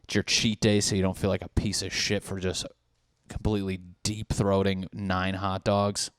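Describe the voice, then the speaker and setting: A man in his thirties, fairly low-voiced, hosting a comedic solo podcast. He rambles through party scenarios and swears constantly. His voice sounds dry and close, with no room echo. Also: little pitch movement, moderate pace, smooth. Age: 30s. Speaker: podcast host. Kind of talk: casual comedic monologue.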